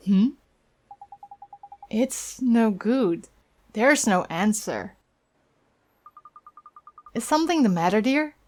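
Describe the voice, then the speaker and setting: Woman voicing a gossiping old neighbor lady, kindly and fussy, slow-spoken. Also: a little high, animated, a little mellow. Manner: chatty, fussing, sentimental. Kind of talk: reading game dialogue aloud.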